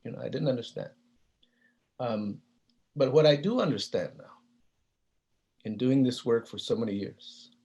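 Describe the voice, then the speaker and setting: A man's voice: lowish voice, darkish tone. Humble storytelling man at a keynote. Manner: hesitant, with many fillers and restarts. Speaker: keynote speaker.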